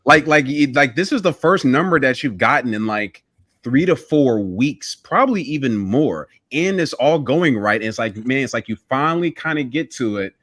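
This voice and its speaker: Dude telling a story to the guys, earnest, keeps restarting, dry mic, middle pitch. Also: male voice, animated, moderate pace, a bit bright, no room sound. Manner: earnest second-person storytelling with many restarts. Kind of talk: casual chat.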